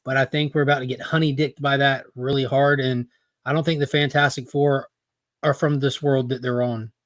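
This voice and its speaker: A man on a pop culture talk panel, opinionated and quick to argue his point in casual chat. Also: medium pitch, level tone, dry recording.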